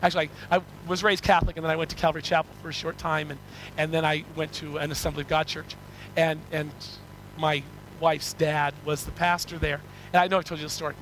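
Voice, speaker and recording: A middle-aged male pastor preaching a sermon, telling a story with rising excitement, then praying. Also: on the high side, quick pace, a little hiss or hum, low-quality recording.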